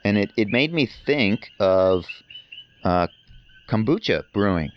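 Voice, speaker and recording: A man's voice: lowish voice, lively intonation, takes it slowly, dull audio, slight background noise. A man talking as a podcast guest in casual conversation, telling rambling, enthusiastic stories.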